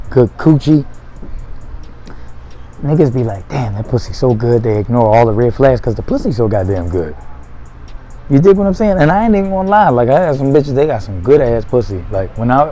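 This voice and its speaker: Blunt profane man with a mellow voice. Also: mid-range voice, low-quality recording. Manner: blunt, profane, streetwise slang. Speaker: vlogger giving dating advice. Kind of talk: casual monologue to camera.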